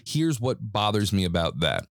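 A man's voice: on the low side, creaky, no room sound, studio quality. A man co-hosting a casual podcast chat, telling stories animatedly with frequent laughs and long asides, coughing now and then. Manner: animated storyteller, laughs often, drawn-out asides. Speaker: podcast co-host. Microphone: own desk mic with mute button.

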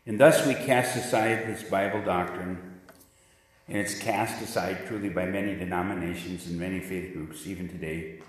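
A man preaching a sermon as pastor, with emphatic delivery that repeats key words. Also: deep voice. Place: church. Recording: echoey church hall from far off.

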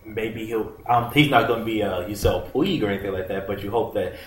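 A man's voice: on the low side, fairly quick. A man co-hosting a casual sports podcast, chatty and rambling, who often cuts himself off mid-sentence. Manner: chatty, rambling, self-interrupting. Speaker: podcast co-host, sports analyst. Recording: echoey room.

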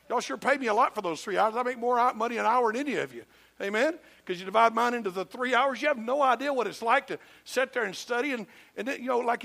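A man's voice: very high-pitched, gravelly, bright, forceful tone. An older man from Georgia with a Southern accent, preaching a sermon in a folksy, emphatic storytelling manner with humor. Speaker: pastor.

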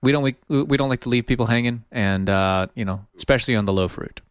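A man's voice: medium pitch, fast, clean tone, dry recording, studio quality. A man co-hosting a show, easygoing and casual, reading out a number and agreeing readily. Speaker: podcast co-host. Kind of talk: casual banter.

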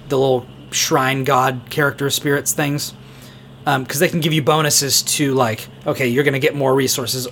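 A man's voice: medium pitch, creaky, fairly bright tone, a little hiss or hum. A man co-hosting a casual gaming podcast, talking eagerly at length with many fillers. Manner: enthusiastic, rambling, heavy on fillers. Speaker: podcast co-host.

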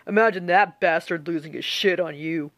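A woman voicing a crude, swearing teenage boy on a school bus who brags loudly and laughs at his own jokes. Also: fairly low pitch, normal speed, no echo, close to an everyday voice. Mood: brash. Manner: brash, swearing, cracks himself up.

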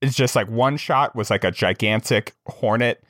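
Telling a lengthy story during a relaxed podcast chat, this co-host rambles with plenty of fillers and restarts. He has a mid-range, slightly bright voice at a moderate pace, with clean studio sound and no room sound.

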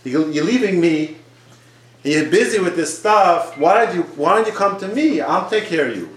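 A man's voice: sits high, very animated, brisk, fairly bright tone, voice pushed up. A divine father, as a preacher puts him on, pleads in a raised, urgent voice for his children to return. The delivery is earnest and insistent. A roomy echo hangs around it. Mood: pleading.

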